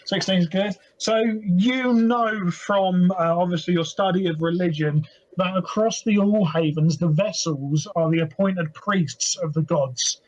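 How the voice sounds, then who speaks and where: A man's voice: high-pitched, measured pace, dull audio. A man narrating as game master of a tabletop game, describing scenes steadily with some fillers.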